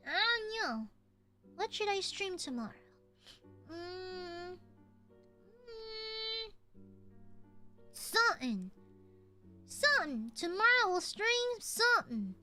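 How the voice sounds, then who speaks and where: A young woman talks casually to her stream chat in a very high, bright voice. Her pitch swoops up and down as she jokes and giggles. Quiet music plays faintly behind her. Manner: playful, chatty, bursts into giggles and squeals.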